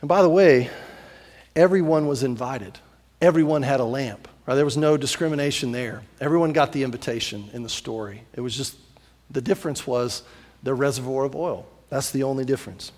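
A man preaching a sermon as pastor, animated and repetitive, acting out little voices as he tells a story. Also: mid-range voice, a little fast, long reverb tail.

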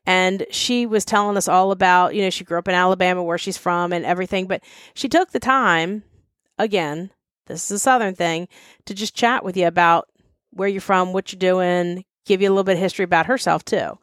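A woman's voice: fairly low pitch, fairly even intonation, brisk, a bit bright, dry recording. Woman, Mid-Atlantic American accent, podcast co-host, casual emphatic chat, dry close sound. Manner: chatty and emphatic, addresses listeners as y'all.

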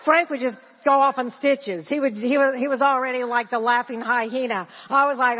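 A woman in her sixties preaching a sermon as pastor, animated and laughing, repeating phrases and chanting. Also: sits high, normal speed, few pauses, slightly rough. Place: church. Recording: dull sound in a reverberant church hall.

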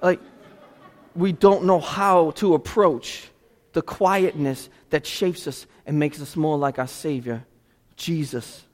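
A man preaching a sermon as a pastor, animated, shifting between quiet reflection and loud emphasis. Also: on the high side, takes it slowly. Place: church sanctuary. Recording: long hall reverb in a church.

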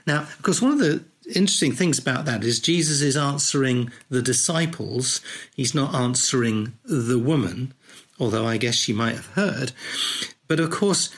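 A man hosting a podcast, teaching conversationally through a Bible passage in a thoughtful, unhurried way, explaining as he reads. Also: fairly high pitch, expressive, gravelly, breathy edge. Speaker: podcast host leading a Bible reflection.

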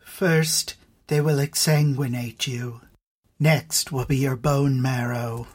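A narrator playing a stern, heartless mother who speaks coldly and crisply in an audiobook. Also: medium pitch, steady tone, takes it slowly, darkish tone. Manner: stern, icy, clipped. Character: cold, cruel mother in gray robes.

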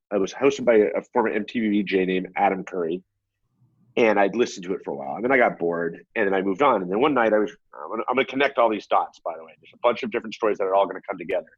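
A man's voice: deep voice, breathy edge, no echo. A middle-aged man, a podcast guest, telling a long story in a chatty, rambling way. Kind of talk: casual storytelling in an interview. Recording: dull, dry lo-fi audio.

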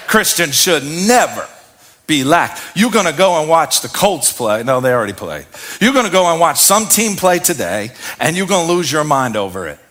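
Fiery, bright-voiced male preacher. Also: mid-range voice. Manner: fiery, preaching with shouted peaks and call-and-response. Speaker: pastor. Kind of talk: sermon.

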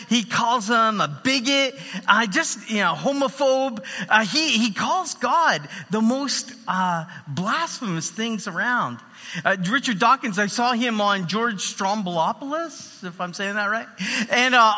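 A man's voice: sits high, pushed and bright. A man preaching a sermon in a loose, conversational way with many fillers. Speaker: pastor. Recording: long hall reverb.

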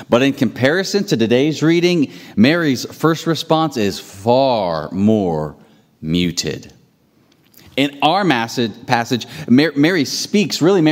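A male pastor preaching a sermon, telling stories with restarts and emphatic rising peaks. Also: medium pitch. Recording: hall reverb.

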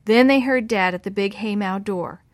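A woman's voice: mid-range voice, normal speed, dry recording. Woman storyteller, children's story, dry close sound. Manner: lively voices for the boys' lines. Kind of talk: scripted storybook narration.

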